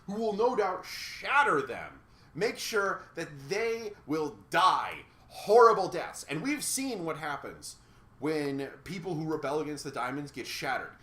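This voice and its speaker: A man rants through a casual review podcast in a high, bright, forceful voice. He is sarcastic and exasperated and swears freely, and the room around him echoes noticeably. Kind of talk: casual ranting review chat.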